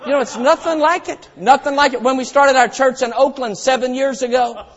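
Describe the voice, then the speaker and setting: A man preaching a sermon as pastor, telling stories and swinging from quiet asides to loud shouted lines. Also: extremely high pitch, a little fast, a faint crowd. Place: church auditorium. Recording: dull sound with long hall reverb.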